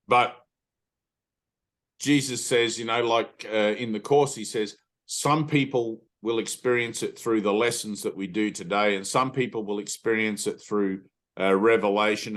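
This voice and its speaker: A middle-aged man giving an earnest spiritual teaching talk, emphatic, swearing casually, and often checking in with "right?". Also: lowish voice. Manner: frequent "right?" tag questions.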